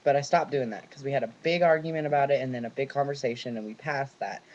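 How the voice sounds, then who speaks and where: A man's voice: medium pitch, darkish tone, low-quality recording. A young man from California venting in a personal vlog, swearing heavily and talking in long run-on stories. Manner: ranting, heavy swearing, run-on storytelling. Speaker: vlogger.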